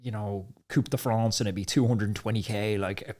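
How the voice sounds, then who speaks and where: Podcast host, chatty and eager. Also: male voice, fairly low pitch, fairly even intonation, a little mellow. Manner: enthusiastic storyteller, quick asides. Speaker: podcast host, former racer. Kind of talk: casual chat.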